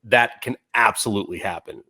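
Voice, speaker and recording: A man's voice: fairly low pitch, brisk, bright, forceful tone, husky. Enthusiastic man in casual podcast chat. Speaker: podcast co-host.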